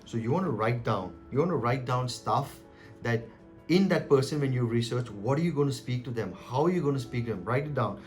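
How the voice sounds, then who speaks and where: A man's voice: mid-range voice, a little fast, faint music behind. A man coaching on cold calling, talking emphatically and acting out sample calls. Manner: animated, emphatic, acts out calls. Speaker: sales coach. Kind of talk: direct-to-camera coaching talk.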